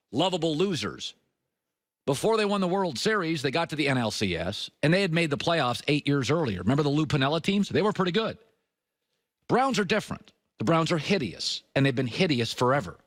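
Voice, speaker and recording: A middle-aged man hosting a sports talk show, delivering an opinionated monologue with emphatic swings between punchy high lines and low, confiding asides. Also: a bit bright, dry recording, studio quality.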